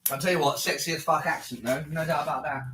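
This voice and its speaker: A man's voice: on the high side, fairly even intonation, quick pace, sharp tone, a little hiss or hum. A man hosting a livestream who teases and mocks a caller with flirty provocations. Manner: teasing, mocking, flirty provocations. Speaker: livestream host talking to callers. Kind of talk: taunting live call-in chat.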